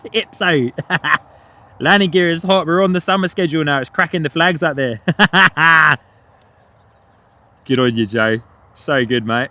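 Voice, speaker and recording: A man's voice: a little high, a little slow, long pauses, bright, forceful tone. A British man with an Australian and New Zealand twang, hosting a live plane-spotting stream outdoors at an airport, chatting and laughing often as he reads viewer messages. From United Kingdom. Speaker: livestream host.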